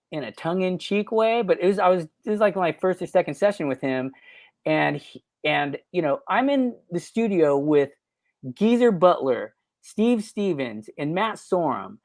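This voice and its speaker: A man's voice: a little high, dry recording. A man in his forties, a record producer guest on a podcast, telling stories in a rambling way full of fillers and self-corrections. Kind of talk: casual interview storytelling.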